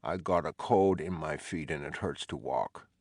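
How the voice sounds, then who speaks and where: A man voicing a troubled male asylum patient who mutters the same complaint over and over, softly and slowly. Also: rumbling low, no echo, clean studio sound. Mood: mumbling fixated. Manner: mumbling, repetitive, subdued.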